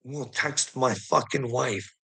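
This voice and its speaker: A man's voice: mid-range voice, slow, creaky, sharp tone, slightly rough. A man on an angry livestream rant, swearing heavily and sounding bitter and indignant. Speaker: streamer.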